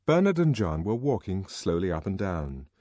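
A man narrating an audiobook in a measured, expressive storytelling manner, recorded on a close studio mic. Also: sits low, no echo.

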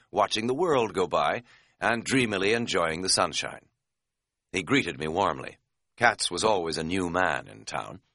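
A man's voice: on the low side, sharp tone, no room sound, clean studio sound. A man narrating a travel memoir in a wry, self-mocking way.

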